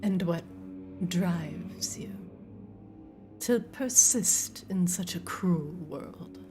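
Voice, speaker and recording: A woman as a hushed, probing drow high priestess. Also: over music. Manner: slow, hushed, searching questions.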